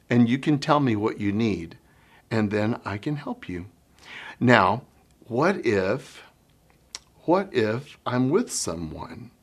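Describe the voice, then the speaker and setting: A middle-aged man, a children's minister giving a conference workshop talk, folksy and animated as he acts out scenes. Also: medium pitch, slow pace. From Oklahoma, US. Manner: folksy sayings.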